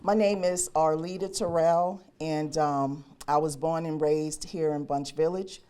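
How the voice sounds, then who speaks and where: A woman introducing herself in a plain, measured way during a ceremony speech. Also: sits low, steady tone, dark tone, clear, resonant tone. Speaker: community member speaking.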